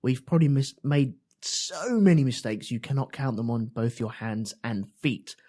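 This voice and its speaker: A man co-hosting a casual podcast chat, animated and prone to swearing. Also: mid-range voice, moderate pace. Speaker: podcast co-host.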